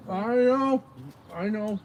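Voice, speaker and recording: Hosting a relaxed night-time stream by the fire in his backyard, the father jokes, laughs frequently and reads comments aloud. His voice sits high and slow, the highs are cut off, and the background is noisy.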